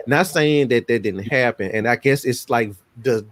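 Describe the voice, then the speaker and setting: A man in a casual movie review chat, expressive and quick to laugh as he tells stories. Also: medium pitch, no echo. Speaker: podcast guest.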